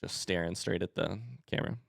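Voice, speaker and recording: A man in his thirties chatting casually with his live-stream audience in an animated way. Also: deep voice, a little fast, gravelly, no room sound, studio quality. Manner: chatty and animated, baby-talks his dogs.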